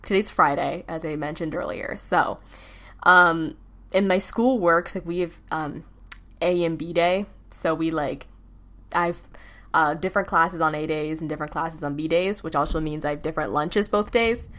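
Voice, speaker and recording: A teenage girl hosting her own podcast, chatting casually in a rambling way, full of "like" fillers and quick laughs. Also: low-pitched, fairly bright tone. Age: teens. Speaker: podcast host. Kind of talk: casual solo chat. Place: home, with a baby babbling nearby.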